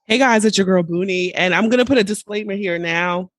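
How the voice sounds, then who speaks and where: A woman's voice: mid-range voice, brisk, music in the background. A woman hosting a podcast in a casual, playful chat, her voice congested from allergies. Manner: lively, chatty, playful. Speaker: podcast host.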